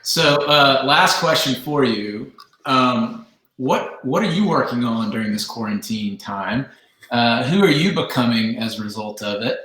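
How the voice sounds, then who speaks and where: A man's voice: mid-range voice, animated, unhurried, fairly bright tone. A man hosting a podcast interview, asking his guest short, encouraging questions. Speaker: podcast host. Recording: echoey room, off mic.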